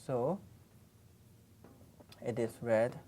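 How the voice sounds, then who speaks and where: A woman's voice: a bass voice, drawn-out words, dark tone. A woman teaching pronunciation in a classroom lesson, patiently repeating each sound. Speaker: Korean language teacher.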